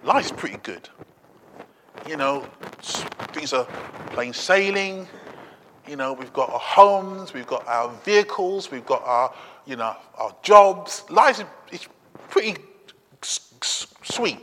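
A man preaching a sermon, swinging between loud urgent appeals and quiet, low asides. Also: expressive, slow, big-room sound, a little hiss or hum.

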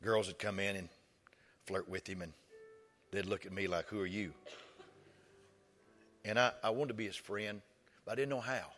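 Impassioned preacher in a church hall. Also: male voice, on the low side, steady tone, moderate pace, pauses often. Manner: storytelling, rising to impassioned shouts. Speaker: pastor. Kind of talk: sermon. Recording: reverberant church hall with soft music.

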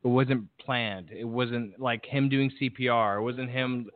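A man's voice: medium pitch, steady tone, a little slow, no room sound. Man, blunt and emphatic, swears a lot, casual discussion, dry close sound, tinny call audio. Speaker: podcast guest.

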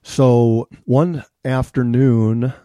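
A man's voice: medium pitch, steady tone, extremely slow, mellow, no echo. A middle-aged man, an interview guest, telling a personal story in an earnest, candid and reflective way.

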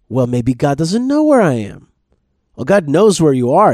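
A man's voice: on the high side, darkish tone, dry recording, studio quality. A man, a rabbi and podcast host, giving a Torah teaching talk while thinking aloud with many restarts.

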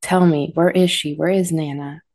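A woman's voice: low-pitched, steady tone, normal speed, a little mellow, no room sound. Woman voicing a frantic, furious mother. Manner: pleading then screaming accusations.

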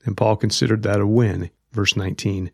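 A man's voice: lowish voice, fairly even intonation, normal speed, gravelly, husky, no echo, clean studio sound. A man teaching through a Bible book verse by verse, reading scripture aloud and explaining it in a blunt, conversational way.

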